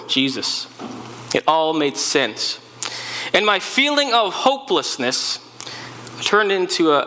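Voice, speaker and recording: A man's voice: sits high, sharp tone, in a large hall, slight background noise, exaggerated voice, low-quality recording. A man playing an earnest eyewitness follower of Jesus. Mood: joyful. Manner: earnest storytelling, repeats words when stirred. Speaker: preacher in first-person character. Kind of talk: dramatic first-person sermon monologue.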